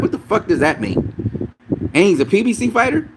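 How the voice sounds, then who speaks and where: A man's voice: sits high, sing-song, fairly quick, background noise. A man giving a casual, profane, emphatic rant as a boxing commentator.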